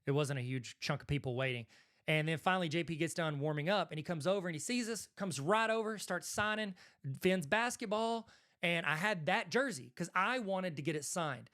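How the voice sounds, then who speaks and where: Southern man with a slightly high voice. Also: expressive, brisk, fairly bright tone. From Arkansas, USA. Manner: conversational, rambling, self-correcting asides. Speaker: host, card collector. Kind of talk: casual talking-head commentary.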